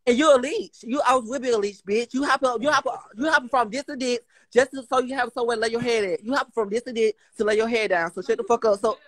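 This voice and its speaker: A caller on a live stream repeats the same jabs over and over in a heated, taunting way. The voice sits at a middle pitch and sounds dry and close. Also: fairly even intonation, fast talker, few pauses, dry recording.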